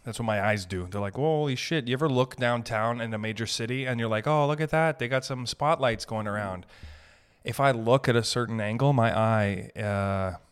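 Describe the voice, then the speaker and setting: A man's voice: lowish voice, moderate pace, smooth. A young man hosting a solo comedy podcast, talking in a rambling, profane, argumentative way. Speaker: podcast host.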